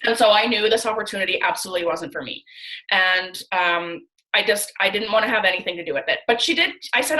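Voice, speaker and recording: A chatty woman in her thirties, from Canada, with a crisp, bright tone. She tells her story casually over a video call and jumps into the voices of the people she quotes. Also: mid-range voice, fast, rough recording. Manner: chatty, animated, acts out quoted dialogue. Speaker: guest speaker on a training call.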